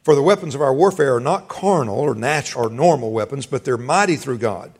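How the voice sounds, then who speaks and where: A man's voice: mid-range voice, expressive, brisk, husky. A middle-aged man, a pastor, preaching a sermon in a folksy storytelling way, laughing and quoting conversations as he goes.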